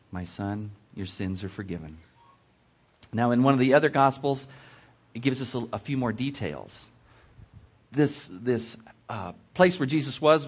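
Animated, husky male preacher. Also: medium pitch. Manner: animated, expressive storytelling with asides. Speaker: preacher in children's ministry. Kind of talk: sermon teaching from Bible text.

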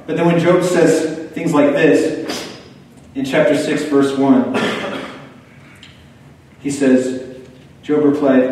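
A man preaching a sermon in a conversational way, turning lively when he quotes other people. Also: fairly high pitch, takes it slowly, long pauses. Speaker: pastor. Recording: echoey hall, far from the mic.

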